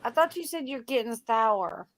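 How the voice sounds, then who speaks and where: A woman with a Tennessee accent hosting a casual co-stream, playful and quick to laugh. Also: a little high, animated, no room sound. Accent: Southern US, Tennessee. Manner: playful, laughing, affectionate teasing. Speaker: livestream host.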